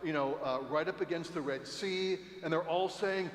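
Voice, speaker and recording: A man teaches a church Bible class in a loose, conversational way, often checking in with his listeners. His voice sits a little high for a man. It rings through a large echoey hall with a long reverb tail. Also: normal speed. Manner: conversational, repeats 'right?' and 'okay?', restarts. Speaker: adult Sunday school teacher. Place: cathedral meeting space.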